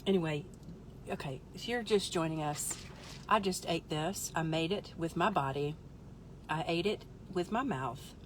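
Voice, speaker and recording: A woman tells a comic story on her live stream with big, animated delivery. She plays up every moment and slips into little voiced asides along the way. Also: lowish voice, a little hiss or hum. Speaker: livestream host.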